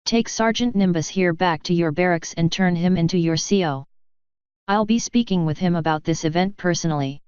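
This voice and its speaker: A woman's voice: fairly low pitch, moderate pace, darkish tone, clean tone, no echo, lightly acted. A woman reading as a stern stallion captain. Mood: commanding. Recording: dry, slightly muffled.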